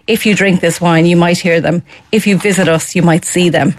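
An Irish woman talking about wine as a guest on a radio show, lively and chatty, quick to laugh, in a studio. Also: on the low side, a little hiss or hum.

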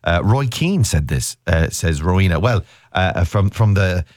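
A man's voice: low-pitched, animated, measured pace, a little mellow, dry recording, clean studio sound. A man in his thirties hosting a radio show, chatting casually with a co-host in a rambling, teasing way. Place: radio studio. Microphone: studio microphone.

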